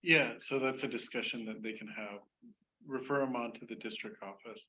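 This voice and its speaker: A man on a school board calmly explains procedures in an easygoing, informal way. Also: mid-range voice, moderate pace, rough recording. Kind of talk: casual meeting discussion.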